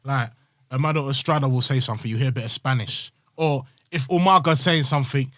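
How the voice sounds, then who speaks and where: A man co-hosting a casual wrestling podcast, animated and breaking into loud bursts. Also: medium pitch, quick pace, no echo. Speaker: podcast co-host. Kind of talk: casual chat.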